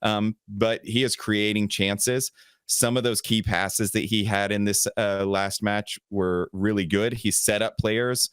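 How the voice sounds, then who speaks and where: A man with a lowish, smooth voice talks through his picks on a sports podcast, steady and methodical. The sound is dry and close, with no room echo. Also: unhurried. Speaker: podcast co-host. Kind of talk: casual sports podcast chat.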